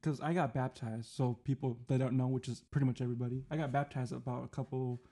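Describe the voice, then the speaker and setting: A man's voice: medium pitch, steady tone, fast talker, warm tone. A young man co-hosting a podcast, a singer-songwriter who chats in a playful, rambling way and giggles often. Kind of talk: casual chat.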